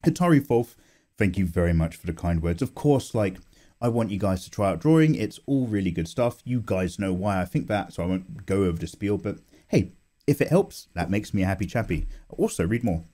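A young man talks through his drawing session in casual chat, his pitch jumping all over as he gets worked up. His tone is soft and mellow rather than sharp. He is self-mocking and quick to swear and laugh, recorded close on a condenser mic at home. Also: lively intonation. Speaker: art YouTuber. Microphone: condenser microphone.

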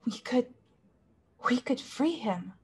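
A woman's voice: on the high side, expressive, takes it slowly, slightly rough. A woman playing a tabletop game, dry and matter-of-fact in manner. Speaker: player.

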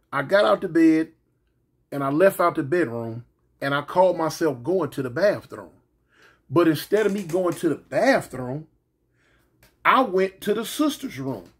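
A man with a husky, fairly high voice tells a funny story in a loose, casual way. He drawls, repeats his lines for effect and speaks right to his listeners.

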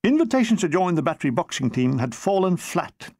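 An older Englishman reads his own war memoir aloud, landing jokes with dry timing and slipping quickly into put-on voices. His voice sits high with big pitch swings and a darkish tone, and there's no echo.

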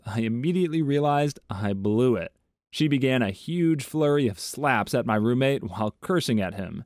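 A man reading online stories aloud in a measured, even tone, adding his own commentary between them. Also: medium pitch, dry recording, clean studio sound. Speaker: story narrator.

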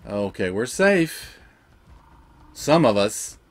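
A man hosting a gaming channel, giving let's-play commentary that swings from shouting at his pets to soft muttering. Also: mid-range voice, lively intonation, normal speed.

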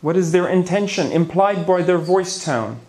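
A neuroscience lecturer speaks in a high, expressive, slightly mellow voice at normal speed. He's giving a conference talk on the brain to an audience in a conference hall, keeping it playful and theatrical with gasps, asides and small jokes.

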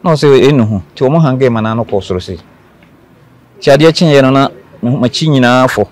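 A man's voice: medium pitch, a little fast. Earnest Ghanaian man recounting an ordeal. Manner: earnest, repeats phrases for emphasis. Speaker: interview guest. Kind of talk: telling a personal story.

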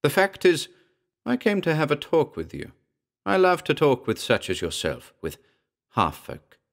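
A shrill, metallic unseen spirit, put on by a man for a spoken horror tale, jeering and scornful. It pitches itself well above a normal speaking voice and talks with a cold, mechanical edge. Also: wildly swooping pitch, measured pace, vocal fry, exaggerated voice. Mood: sly. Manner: derisive, taunting.

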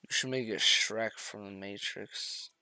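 A man's voice: on the low side, steady tone, unhurried, bright, forceful tone, no echo. A young man chatting loosely over voice chat while gaming, telling crude, rambling stories with lots of laughter.

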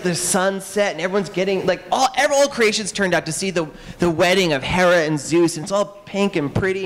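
An animated man tells myths to children at a library event, joking and darting into asides. His voice is high and lively. It echoes in a roomy hall with faint background noise. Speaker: author and illustrator. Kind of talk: lively storytelling talk to children. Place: public library event room.

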